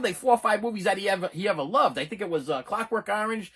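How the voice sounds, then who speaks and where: A man's voice: sits high, rapid-fire, hardly any pauses, husky. A middle-aged man telling a rambling personal story to camera, full of restarts. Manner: rambling, animated, lots of restarts. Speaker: channel host. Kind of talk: casual storytelling.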